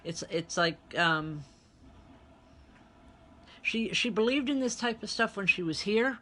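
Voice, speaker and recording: A woman's voice: mid-range voice, animated, slow pace, pauses often, pushed and bright. A woman reverend working as a medium, giving a live online spiritual reading and talking chattily to viewers as she relays spirit messages.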